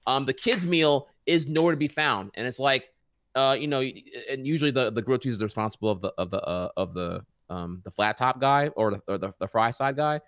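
A man's voice: mid-range voice, brisk, fairly bright tone, dry recording, studio quality. A man on a casual podcast, ranting in exasperation and saying dude a lot. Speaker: podcast co-host. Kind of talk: casual chat.

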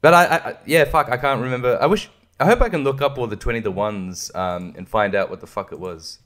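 A man's voice: mid-range voice, brisk, a bit bright. Rambling, swearing guy. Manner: rambling, profane, laughs often. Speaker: podcast host. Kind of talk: casual chat.

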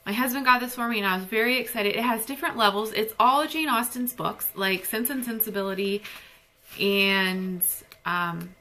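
A woman's voice: mid-range voice, normal speed, pushed and bright. A young woman chatting casually and gushing about books she received. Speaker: book vlogger. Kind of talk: casual book haul chat.

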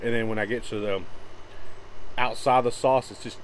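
A man's voice: mid-range voice, fairly even intonation, moderate pace, a little hiss or hum, poor audio. A man co-hosting a casual food review, giving blunt, opinionated verdicts. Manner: blunt, opinionated, frugal-minded. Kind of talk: casual chat.

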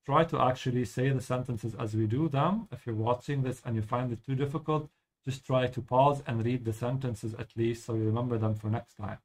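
A man hosting a live-streamed lesson, explaining German pronunciation slowly and switching between English and German. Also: mid-range voice, steady tone, darkish tone. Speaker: language teacher and stream host.

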